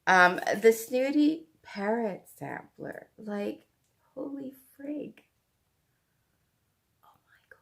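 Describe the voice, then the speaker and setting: A woman's voice: medium pitch, creaky, a bit bright. A Canadian woman hosting a cross-stitch vlog, chatting casually in a rambling way with lots of asides. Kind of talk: casual chat.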